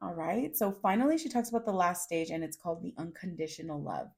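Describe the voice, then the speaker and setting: A woman's voice: fairly low pitch, lively intonation, quick pace, creaky. A woman hosting a solo podcast, talking to listeners in a candid, chatty way, laughing through her lines and swearing casually. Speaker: podcast host.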